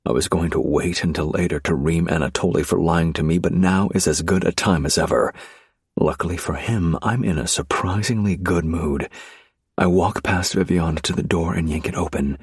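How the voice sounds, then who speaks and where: A man narrating a romance audiobook in the first person, low, measured and intense. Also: husky, no echo, studio quality.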